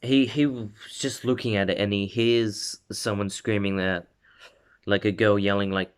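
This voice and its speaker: A man with a somewhat low voice casually spins out a fan-made story. He rambles, circles back and corrects himself mid-sentence, stringing events together loosely. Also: fairly even intonation, normal speed, clean tone. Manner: rambling, many fillers and self-corrections. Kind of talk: casual fan-fiction retelling.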